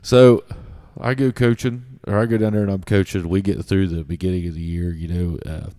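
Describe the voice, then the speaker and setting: A man's voice: low-pitched, steady tone, a little fast, dark tone, dry recording, clean studio sound. A man telling a story on a podcast, rambling and laughing often with casual swearing. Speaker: podcast guest.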